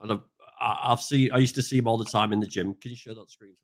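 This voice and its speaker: A man's voice: on the low side, steady tone, fast. An older man hosting a podcast over a video call, chatting casually, rambling and joking with lots of ums. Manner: rambling, joking, self-deprecating, with many fillers. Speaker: podcast host, truck driver.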